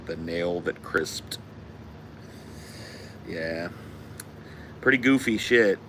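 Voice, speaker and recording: A man hosting a podcast, telling a story in a profane, laid-back, animated way. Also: low voice, very slow, background noise. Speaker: podcast host. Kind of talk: casual chat, storytelling.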